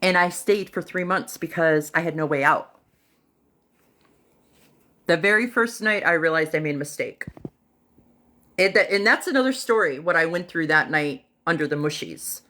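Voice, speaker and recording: Woman on a live stream telling a wild story from her life, lowish voice, lots of uh and pauses, acts out the quotes. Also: sharp tone. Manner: dramatic retelling that acts out other people's lines; unhurried, with pauses and fillers. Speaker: livestreamer telling a personal story. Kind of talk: casual first-person storytelling.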